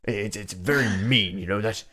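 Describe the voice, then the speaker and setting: A man's voice: fairly low pitch, moderate pace, a crowd in the background, natural voice. A man voicing a proud, touchy male town guard of noble blood who stammers when offended, in a tabletop game. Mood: indignant.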